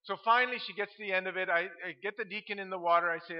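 Man, pastor, high voice, animated storytelling, laughs at his own jokes, dull lo-fi sound. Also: rapid-fire, few pauses. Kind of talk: humorous sermon storytelling.

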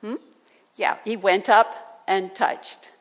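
A woman preaching a sermon, asking her listeners questions and turning animated as she goes. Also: medium pitch, takes it slowly. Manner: animated, asks the audience questions. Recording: long hall reverb.

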